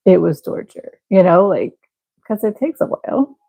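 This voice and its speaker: Woman, Midwest, crochet livestream host, casual rambling chat, apologetic, gravelly. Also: medium pitch, expressive, takes it slowly, mellow, low-quality recording. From American Midwest. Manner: chatty, apologetic, rambling with frequent fillers and laughs. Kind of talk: casual chat with live viewers while crocheting.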